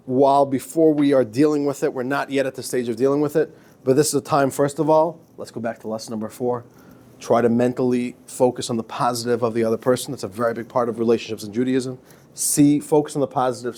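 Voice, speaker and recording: Male rabbi lecturing a class in a chatty, lively way, with a middle-pitched voice. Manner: lively, chatty, repeats words, laughs at own stories. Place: classroom with students.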